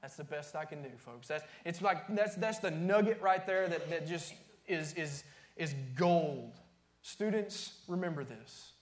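A man with a high voice preaches a sermon in an echoey church room. He is emphatic, repeats his phrases for weight, and drops to near-whispers at times. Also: unhurried. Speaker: pastor.

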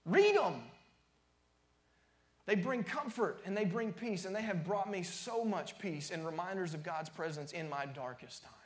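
A man with a high voice preaches a sermon in an echoey church room. He is emphatic, repeats his phrases for weight, and drops to near-whispers at times. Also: normal speed, hardly any pauses. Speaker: pastor.

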